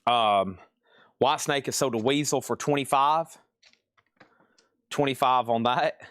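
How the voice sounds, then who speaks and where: A man's voice: medium pitch, slow pace, a bit bright, no room sound, clean studio sound. Chatty man selling records live. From Tennessee. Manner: casual, rambling, chatty. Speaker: record seller hosting a live sale. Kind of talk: live sales stream.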